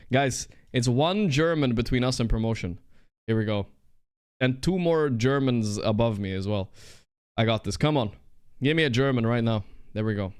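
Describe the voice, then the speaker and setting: Excitable streamer man, lively pitch. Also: clean tone. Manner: excitable, trash-talking, thinks out loud. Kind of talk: casual live-stream commentary while playing.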